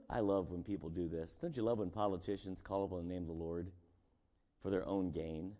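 Conversational preacher in an echoey hall. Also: male voice, low voice, steady tone, fairly quick, warm tone. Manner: conversational, asks the congregation rhetorical questions. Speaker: pastor. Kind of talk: sermon. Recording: long echo of a large hall.

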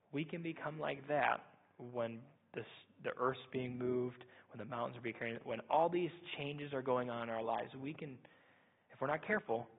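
Fast-talking husky pastor preaching. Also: male voice, mid-range voice. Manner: fast-talking, energetic, repeats "right?". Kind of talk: sermon. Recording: tinny phone-like sound.

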